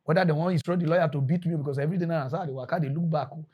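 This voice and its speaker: A man with a Nigerian Pidgin accent, ranting in animated commentary as a mock news presenter. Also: a little high, racing, muffled recording.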